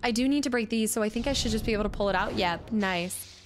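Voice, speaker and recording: A woman streaming a video game, chatting and reacting excitedly as she plays. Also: medium pitch, fast, noisy background. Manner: chatty, excitable, jumps between chat and gameplay. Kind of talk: live-stream chat while playing.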